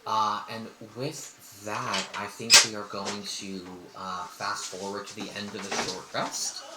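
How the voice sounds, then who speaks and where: A man's voice: fairly low pitch, level tone, measured pace, reverberant, heavy background noise. A man narrating and ruling as game master, chatty and hesitant with fillers. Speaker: dungeon master. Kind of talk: running a tabletop game online.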